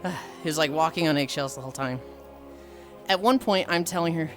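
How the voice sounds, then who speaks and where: A streamer in his late twenties tells stories to his chat, swearing freely in a voice that's a little high and fairly quick. He's animated and acts out the voices in quotes, with faint music in the background.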